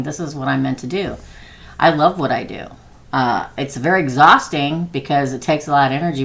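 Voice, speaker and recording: Chatty middle-aged lady doing live tarot, low gravelly voice, laughs a lot. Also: fairly bright tone, a little hiss or hum. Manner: chatty, laughs often, talks to viewers by name. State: prone to losing her voice. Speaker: tarot reader. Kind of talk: live-stream tarot reading.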